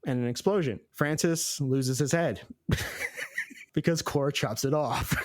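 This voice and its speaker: A man's voice: on the high side, expressive, takes it slowly, no room sound. A man co-hosting a podcast, animatedly recapping a movie with sarcastic asides in casual chat. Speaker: podcast co-host.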